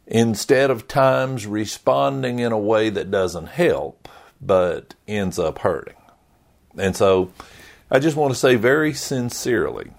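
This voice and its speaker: Male pastor, earnest sermon delivery, low pitch, animated intonation. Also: gravelly. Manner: earnest, preaching with lively rises and falls.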